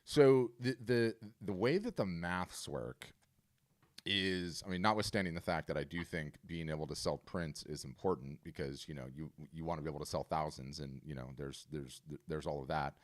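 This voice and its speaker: A man's voice: extremely low pitch, normal speed. A man hosting a webinar on a video call, coaching an artist in a casual, emphatic way and often repeating his words. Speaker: webinar host and art business coach.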